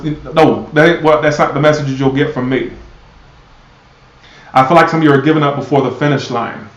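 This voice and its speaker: A man reads tarot cards with blunt, cursing sarcasm. His voice sits in a middling pitch range. The recording sounds roomy and a little dull. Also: brisk. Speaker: tarot reader. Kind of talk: live tarot reading.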